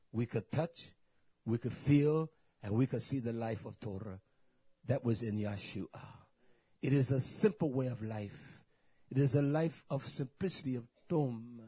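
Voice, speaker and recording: A man's voice: medium pitch, breathy edge, no room sound. A man preaching a blunt, scolding sermon, often saying hallelujah and using Hebrew words. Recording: dull, lo-fi dry recording.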